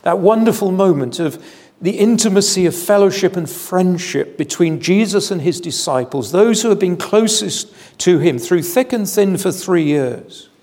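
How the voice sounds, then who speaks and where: A man preaching an evening sermon in a church, measured and deliberate, with solemn emphasis. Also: high voice, expressive, a little mellow. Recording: long hall reverb.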